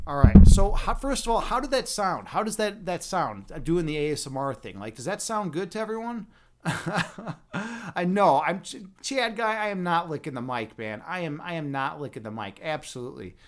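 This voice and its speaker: Man, stream host, close mic, casual chat, slightly high voice, animated, repeats himself, playful. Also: moderate pace, a little hiss or hum. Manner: chatty, restarts and repeats words. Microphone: close microphone.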